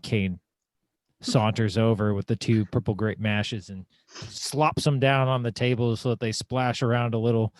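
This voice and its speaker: A man playing in a tabletop game, casual and unhurried, with hesitant uhs. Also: medium pitch, level tone, darkish tone, no room sound. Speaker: player.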